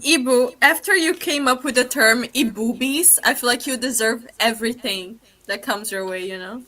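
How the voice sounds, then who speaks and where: A woman's voice: on the high side, normal speed, pushed and bright. A woman co-hosting a casual podcast, teasing the others and laughing often. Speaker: podcast co-host.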